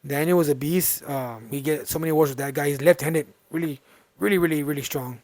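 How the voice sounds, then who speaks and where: A man's voice: on the high side, fast, dry recording. A man in his twenties, a podcast host, telling a story in casual chat and acting out the voices of people he quotes. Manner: animated, acts out quoted voices.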